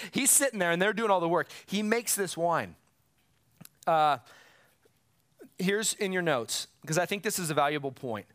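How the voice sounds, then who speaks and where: A man preaching a sermon, telling the story in an animated way and briefly acting out the people in it. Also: high-pitched, measured pace, pauses often. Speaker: pastor.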